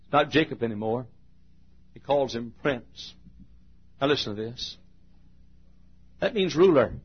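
A male preacher delivering a revival sermon in a husky voice, swinging from booming shouts to hushed asides and sing-song chants. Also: animated, measured pace, lo-fi sound.

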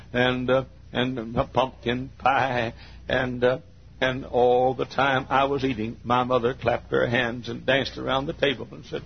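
A man in his sixties preaching a sermon in church. He tells folksy stories and swells into fervent near-shouting. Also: medium pitch, gravelly, breathy edge. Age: 60s. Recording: dull lo-fi sermon recording.

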